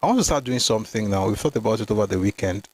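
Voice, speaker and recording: Racing along with lively intonation, a man with a lowish voice hosts a history livestream. He reads documents aloud, comments emphatically, names his viewers, and slips Yoruba phrases into his speech.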